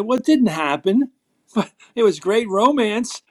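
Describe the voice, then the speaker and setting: A man's voice: high voice, lively intonation, moderate pace. Emphatic older man with a Philadelphia accent. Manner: emphatic, storytelling, acts out quotes. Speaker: guest, former TV political host. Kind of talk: animated interview talk.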